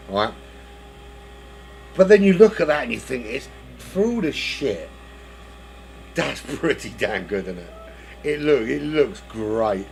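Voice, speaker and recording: Gravelly, jokey race commentator. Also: male voice, fairly high pitch, sing-song, unhurried, pauses often, darkish tone, a little hiss or hum. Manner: rambling, jokey, self-interrupting. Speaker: race commentator and lobby host. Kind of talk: casual live sim-race commentary.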